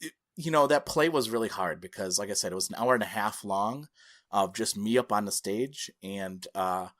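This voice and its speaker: A man's voice: lowish voice, normal speed, fairly bright tone. A man co-hosting a podcast who tells a story with animation and acts out the people he quotes. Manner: laughs between phrases while telling a story. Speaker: podcast co-host.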